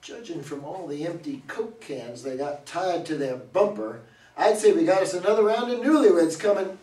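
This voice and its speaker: Actor doing a bragging old cowboy museum owner, folksy drawl, reedy and high, miked from afar in an echoey hall. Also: male voice, normal speed, dark tone, distant mic, close to an everyday voice. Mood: cocky, folksy. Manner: folksy drawl, hammy and salesman-like. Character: boastful older male cowboy running a roadside museum. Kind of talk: reader's theater stage reading.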